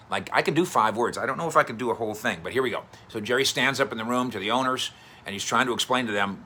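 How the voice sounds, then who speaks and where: Male sports columnist, 50s, chatty storyteller, bright forceful tone. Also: mid-range voice, fast, slight background noise. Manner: chatty, animated storytelling with fillers. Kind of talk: casual commentary to camera.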